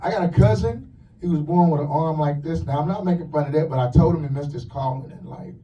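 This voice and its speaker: A man's voice: on the high side, dark tone, distant mic, highs cut off. Crude man doing stand-up. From lives in the USA. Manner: crude, punchy storytelling with quick asides. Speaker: stand-up comedian. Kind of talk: stand-up comedy set.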